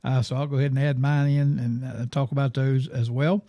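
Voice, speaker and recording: A man's voice: mid-range voice, little pitch movement, a little fast, warm tone, no echo. A man hosting a casual sports talk show from a studio, rambling and easygoing with plenty of fillers.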